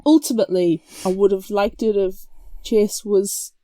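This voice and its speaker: A young adult woman co-hosting a podcast, chatting casually about a book, animated and quick to laugh and slip into quoted voices. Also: medium pitch, no echo. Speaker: podcast co-host. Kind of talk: casual book-discussion chat.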